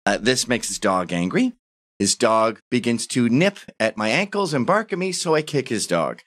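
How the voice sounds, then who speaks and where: A man on a podcast reading a listener's story aloud in a deadpan first-person voice. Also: medium pitch, normal speed.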